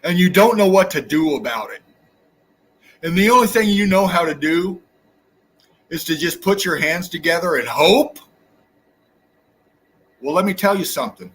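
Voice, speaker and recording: A man's voice: high-pitched, lively intonation, moderate pace, pauses often, a bit bright, breathy edge. A man hosting his own channel, delivering an angry, profane, preachy rant straight at his viewers. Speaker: channel host. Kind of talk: angry ranting monologue.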